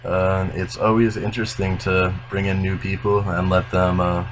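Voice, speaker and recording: A young man in his twenties, a musician guest in a casual interview, speaking earnestly and unhurriedly, often trailing off softly. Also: low voice, little pitch movement, normal speed, a little hiss or hum, rough recording.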